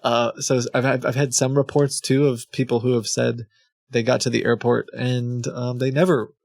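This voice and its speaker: A man's voice: mid-range voice, level tone, normal speed, vocal fry, a little mellow, dry recording. A man hosting a live stream, chatting casually with viewers, with frequent restarts and fillers. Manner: hesitant, many restarts, laughs along with chat. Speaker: streamer host.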